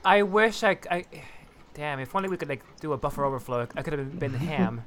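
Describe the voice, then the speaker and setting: A man's voice: a little high, fairly quick, crowd noise. A man tossing joking asides into a casual group voice call. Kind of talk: casual chat.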